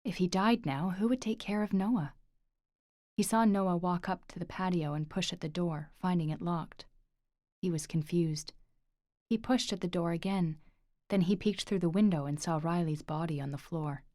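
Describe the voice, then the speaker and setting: Low-voiced woman narrating an audiobook. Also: fairly even intonation, normal speed, darkish tone, no echo, clean studio sound. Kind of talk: scripted narration.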